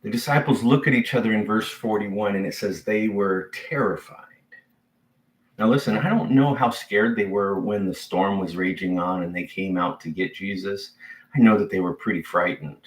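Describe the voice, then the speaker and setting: A man's voice: fairly low pitch, moderate pace. A man pastor preaching a sermon in a conversational way, full of fillers and restarts. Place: church sanctuary. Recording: echoey church sanctuary.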